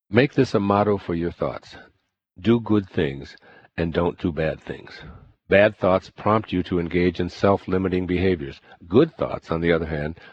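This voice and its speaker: A man reading a self-help text aloud in slow, deliberate, calm scripted narration. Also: low-pitched, husky. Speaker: audiobook narrator. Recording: dull lo-fi recording.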